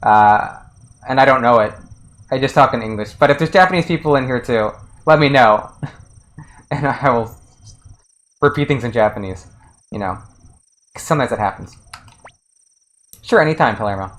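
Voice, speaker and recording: A man's voice: medium pitch, moderate pace, pauses often, fairly bright tone, poor audio. A man streaming and casually commenting on a game translation, rambling with lots of restarts and fillers and chuckling often.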